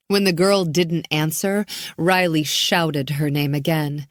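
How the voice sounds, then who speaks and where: A woman narrating an audiobook thriller in a measured, calm way. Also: deep voice, dry recording, studio quality. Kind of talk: scripted narration.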